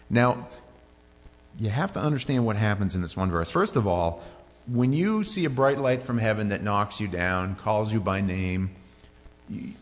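A man's voice: lowish voice, long reverb tail, highs cut off. A man preaching a conversational sermon as pastor, acting out quoted voices as he tells the story.

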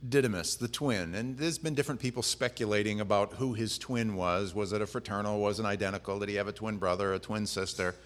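A man's voice: on the low side, quick pace, hardly any pauses. A pastor preaching a conversational sermon in a casual, humorous way, often acting out the lines he quotes.

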